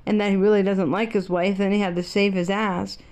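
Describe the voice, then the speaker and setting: A woman's voice: mid-range voice, flat delivery, fairly quick, a little mellow. Outspoken middle-aged woman, rambling. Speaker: vlogger. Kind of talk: casual monologue.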